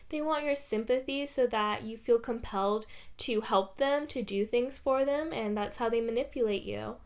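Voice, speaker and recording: Chatty young-sounding woman telling a story. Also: a little high. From Canada. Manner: chatty, lots of "like", animated when quoting others. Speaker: vlogger. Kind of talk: casual storytelling to camera.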